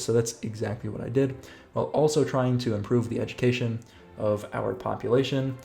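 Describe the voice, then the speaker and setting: A man's voice: fairly low pitch, fairly even intonation, brisk, creaky, warm tone. A man giving casual, upbeat, jokey commentary over his strategy game playthrough. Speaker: gaming channel host. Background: faint game music.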